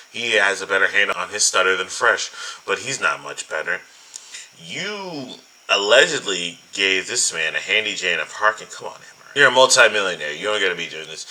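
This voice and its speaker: A man's voice: deep voice, bright, forceful tone, rough recording. A man hosting reaction commentary, incredulous, emphatic and full of swearing. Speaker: commentary host.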